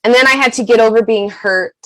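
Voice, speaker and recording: A woman guest on a podcast, talking candidly in an animated, profane, emphatic way and laughing often. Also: on the high side, fast talker, poor audio.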